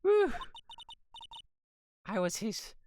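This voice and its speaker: A man's voice: extremely high pitch, very animated, extremely slow, a little mellow, a little hiss or hum, pitched above the performer's own voice, full character voice. A man voicing a cranky, breathless old woman security guard in a video game, huffing and puffing between words. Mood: tired, grumbling.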